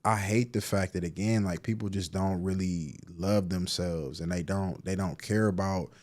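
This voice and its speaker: Low-pitched and steady, with a darkish tone and a moderate pace, this man is a therapist and poet from Cleveland, Ohio. In his thirties, he's a guest in a laid-back interview, telling stories slangily with lots of restarts and fillers.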